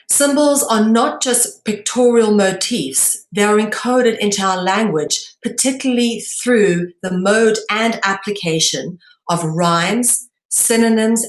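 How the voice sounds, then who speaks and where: Female presenter, lecture delivery, measured and explanatory, hesitant fillers, roomy echo. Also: medium pitch. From South Africa. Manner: measured, explanatory, with frequent ums.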